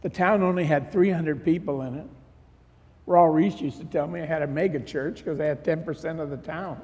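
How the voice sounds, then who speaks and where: A middle-aged man gives sermon testimony in a fairly high voice, telling a personal story in an easy, conversational way. He acts out the back-and-forth dialogue as he goes. The sound rings with a long reverb, as if recorded in a church hall. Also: normal speed, darkish tone. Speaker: pastor.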